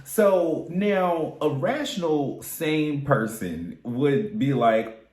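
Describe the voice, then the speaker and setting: A man's voice: on the high side, big pitch swings, takes it slowly, darkish tone. A man giving a casual, sassy recap of a reality TV episode, campy and profane, with big swoops in his voice. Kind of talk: casual commentary. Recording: echoey room.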